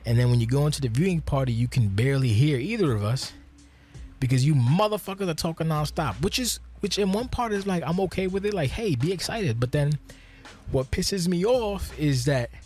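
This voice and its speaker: A man hosting a podcast, talking in a casual, profane, rambling rant that swings from low muttering to loud exasperation. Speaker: podcast host.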